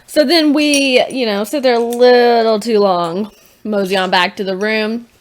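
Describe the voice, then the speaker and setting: A woman in her twenties from Tennessee, co-hosting a casual podcast in a relaxed, laid-back way and laughing easily. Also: a little high, a little slow. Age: 20s. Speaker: podcast co-host. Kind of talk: casual chat.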